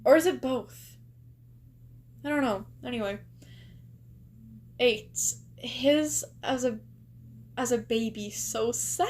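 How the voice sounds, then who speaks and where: A woman's voice: fairly high pitch, slow pace, pauses often, a little mellow, slight background noise. A young woman streamer chatting casually as she reacts, gushing and asking lots of rhetorical questions. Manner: chatty, exclaims and gushes, many likes and rhetorical questions.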